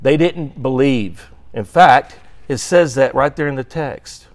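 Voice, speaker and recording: Going a little slowly, a man with a medium-pitched voice teaches an adult Sunday school class. His emphatic scripture reading is punctuated by frequent "right?" questions and the odd clearing of his throat, all in a Bible lecture style.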